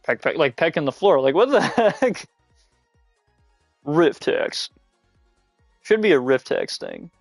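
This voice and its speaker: Excitable high-voiced male streamer. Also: slow pace, vocal fry, long pauses, no room sound, faint music behind. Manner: excitable, giggly, shouts movie catchphrases. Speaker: livestreamer. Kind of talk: casual gaming livestream chat. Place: at home, mom nearby.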